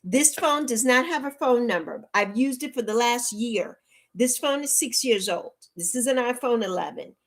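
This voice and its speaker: A woman's voice: fairly high pitch, expressive, moderate pace. A woman in her sixties hosting a casual livestream, flustered and pleading for help while greeting viewers by name. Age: 60s. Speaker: livestream host. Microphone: laptop mic.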